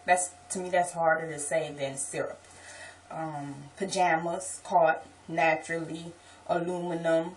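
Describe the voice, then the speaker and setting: A woman's voice: deep voice, flat delivery, recorded from a distance, slight background noise, rough recording. A woman from New Orleans with a New Orleans accent, chatting casually through a list of words for an accent tag video, with an "um" before most of them. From New Orleans, Louisiana. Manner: unhurried, slips in "um" before each word. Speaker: vlogger.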